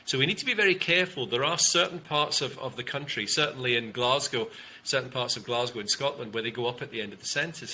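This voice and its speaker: A man, a communication coach, explaining ideas in an interview and demonstrating tone with loud and soft delivery and long pauses. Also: mid-range voice, slight background noise, poor audio. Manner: demonstrative, shifts loudness and uses long pauses to show tonality.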